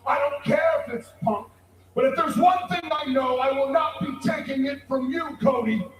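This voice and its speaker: A male pro wrestler cutting a menacing, deliberate arena promo that bursts into shouts. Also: very high voice, faint music behind. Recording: echoey arena from far off.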